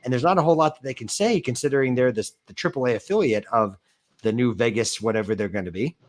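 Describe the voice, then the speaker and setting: A man's voice: mid-range voice, expressive, fast talker. A man co-hosting a casual sports stream, explaining at length with many "I mean" and "you know" fillers. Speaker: co-host.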